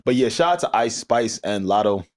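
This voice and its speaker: Animated man with a lively voice. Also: on the low side. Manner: animated, teasing, quick reactions. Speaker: podcast co-host. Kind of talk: casual podcast banter.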